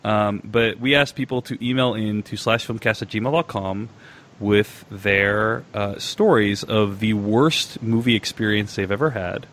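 A man's voice: lowish voice, measured pace, fairly bright tone, slight background noise. A man hosting a podcast, chatting casually and reading a listener's email aloud, with many filler sounds. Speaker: podcast host.

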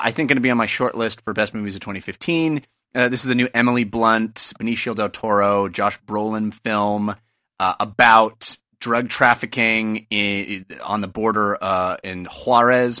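A man's voice: on the low side, fairly even intonation, normal speed, pushed and bright, no echo, clean studio sound. A man hosting a podcast from a remote call, chatting casually with laughs and fillers, his voice coming through glitchy and robotic over Skype. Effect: glitchy robotic Skype audio. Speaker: podcast host.

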